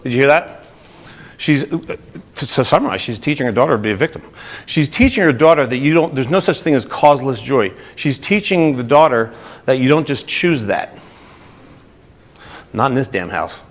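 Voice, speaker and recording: A man's voice: medium pitch, fairly quick. A man with a New Jersey accent giving a motivational talk to a group, often asking the audience questions. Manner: energetic, asks the audience questions. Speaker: speaker.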